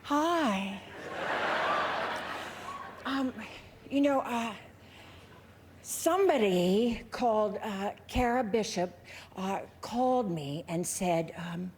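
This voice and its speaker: On stage in a large ballroom, a middle-aged woman presents an award and tells a rambling comic story packed with fillers and restarts. Her medium-pitched, darkish voice has lively intonation, drawn-out words, and frequent pauses.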